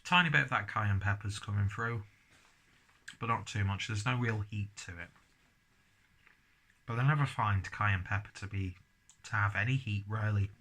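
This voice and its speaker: Husky, low-voiced man reviewing beer. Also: moderate pace, pauses often, pushed and bright. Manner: chatty, talks while chewing. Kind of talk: casual tasting review.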